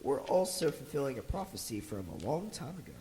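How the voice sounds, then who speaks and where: A performer playing a patient narrator character in a church Christmas puppet skit, gently correcting a sidetracked friend. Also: medium pitch, sing-song, a little fast, in a large hall, poor audio. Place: church sanctuary.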